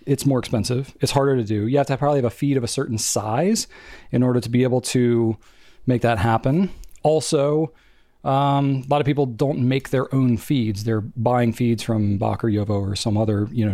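A young man co-hosting a podcast in casual chat, talking in chatty, rambling runs with quick asides. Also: mid-range voice, a little mellow, dry recording, clean studio sound. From family from New England. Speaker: podcast co-host.

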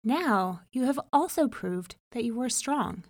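A woman voicing a solemn male fish spirit in a storybook reading, speaking in slow, grave pronouncements. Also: fairly high pitch, animated, dry recording, clean studio sound. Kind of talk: storybook narration.

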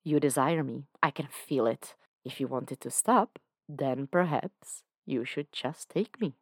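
Woman doing a smooth devil guy, low and slow, coaxing and intimate, dry sound. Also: no room sound, exaggerated voice. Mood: seductive. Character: suave seductive male devil, commanding.

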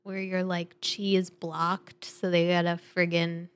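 A woman hosting a casual podcast chat, easygoing and quick to laugh. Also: fairly low pitch, level tone, clean tone. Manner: giggly, easygoing, laughs often. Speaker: podcast host. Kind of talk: casual chat about crossword puzzles.

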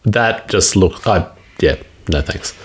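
A man's voice: low voice, animated, slow, husky. A man, co-hosting a casual podcast and teasingly coaching others on pronunciation. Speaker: podcast co-host. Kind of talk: casual chat.

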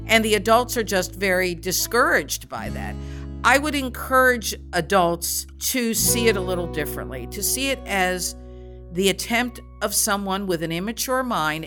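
A middle-aged woman answering interview questions in a gentle, measured, explanatory way, as a guest expert on children and grief. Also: mid-range voice.

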